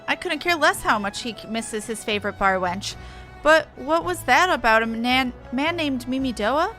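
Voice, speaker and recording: A woman's voice: high-pitched, bright, forceful tone, full character voice. A woman voicing a haughty, fussy female scholar in a video game, with formal, archaic phrasing, reading the dialogue aloud.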